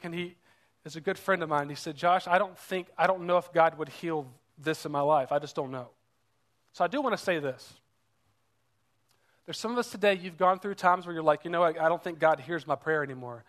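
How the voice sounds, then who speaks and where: A man's voice: on the high side, brisk, fairly bright tone. A man preaching a sermon as pastor, earnest and urging, repeating rhetorical questions to the congregation.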